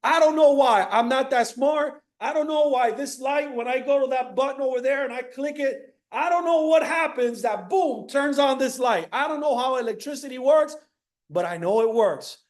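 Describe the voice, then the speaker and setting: A man from Miami giving a high-energy motivational talk to an audience, repeating key phrases and asking the crowd questions. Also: moderate pace. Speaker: motivational speaker.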